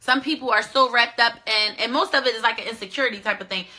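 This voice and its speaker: A woman's voice: a little high, fast, pushed and bright. A woman hosting her own show, giving blunt, profane dating advice in a casual monologue. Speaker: show host.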